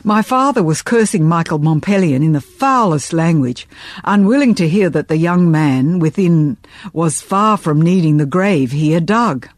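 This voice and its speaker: A woman reading a first-person historical novel aloud in measured, expressive audiobook narration. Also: low-pitched, no room sound, studio quality.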